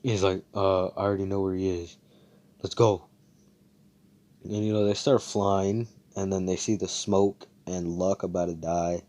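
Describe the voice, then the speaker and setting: A man's voice: low-pitched, dark tone. A man casually narrating a fan story, rambling with fillers and swearing.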